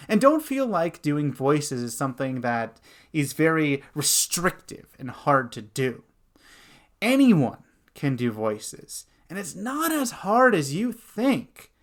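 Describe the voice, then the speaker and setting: Man explaining how to do character voices. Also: on the high side. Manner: animated, demonstrates voices as he explains. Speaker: dungeon master and host. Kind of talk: instructional video.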